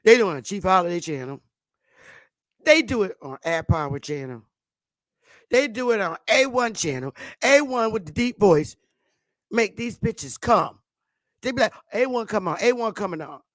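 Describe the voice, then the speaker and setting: A woman's voice: mid-range voice, very animated, normal speed, long pauses, dry recording, studio quality. A woman vlogger delivering a profane, taunting ranting monologue and laughing often.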